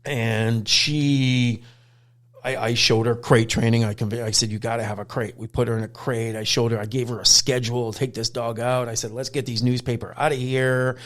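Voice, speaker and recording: A middle-aged man, hosting a podcast and telling a story in a casual, animated way, acting out quotes and swearing now and then. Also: medium pitch, moderate pace. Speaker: podcast host, dog trainer.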